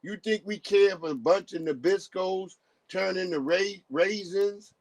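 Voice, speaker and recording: A man's voice: sits high, a little slow, no echo. A man hosting a livestream who talks in casual, profane commentary and acts out the voices of people he quotes. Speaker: livestream host.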